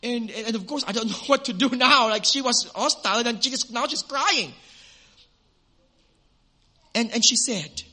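A man preaching a sermon, telling a personal story with animated swings from loud to hushed, then preaching earnestly. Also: very high-pitched, normal speed, pauses often. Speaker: pastor.

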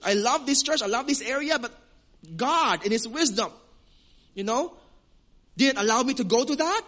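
A man's voice: very high voice, expressive, normal speed, sharp tone. A man with a Filipino accent, a pastor preaching an earnest sermon who often repeats words while he searches for his phrasing. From Western Visayas, Philippines.

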